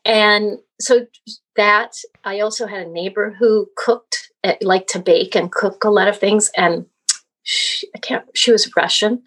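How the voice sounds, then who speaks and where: A woman with a husky, slightly breathy voice talks as a podcast guest. She reminisces in a loose, chatty way, full of ums and little restarts, at a mid-range pitch. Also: steady tone, unhurried, a bit bright. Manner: chatty, reminiscing with many fillers. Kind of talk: casual interview chat.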